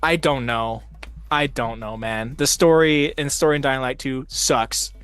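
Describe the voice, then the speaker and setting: With a clear, resonant, medium-pitched voice, this stream host speaks steadily and unhurriedly in a fairly bright tone. He rambles through long gaming-chat stories packed with the filler "like."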